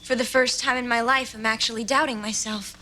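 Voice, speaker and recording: An actress playing a vain, self-absorbed teenage daughter in a TV sitcom, complaining in a whiny way. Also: female voice, fairly high pitch, steady tone, fairly quick, pushed and bright. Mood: self-pitying. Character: vain teenage girl, shallow, self-pitying. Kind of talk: sitcom acting. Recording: TV sitcom audio, background hiss.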